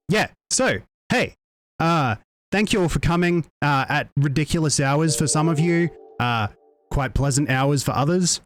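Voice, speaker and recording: A young Australian man chatting excitedly on a live stream, giggling and tripping over his words. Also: on the high side. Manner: excitable, giggly, stammering restarts, mild faux swearing. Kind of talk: casual live-stream chat.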